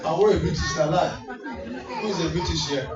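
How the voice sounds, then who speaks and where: A man's voice: fairly high pitch, a little fast, far from the mic, over a noisy crowd. Playful man emceeing a party. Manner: playful, teasing, switches between English and Igbo. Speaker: event host. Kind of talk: joking emcee banter at a party. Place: community party hall. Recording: echoey hall, mic from afar, dull sound with loud music.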